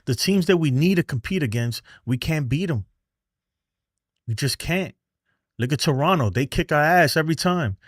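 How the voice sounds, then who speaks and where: A man's voice: fairly high pitch, animated, moderate pace, dry recording, studio quality. A man hosting a baseball fan show, ranting heatedly on a livestream and reading chat messages, exasperated, profane, and often repeating himself.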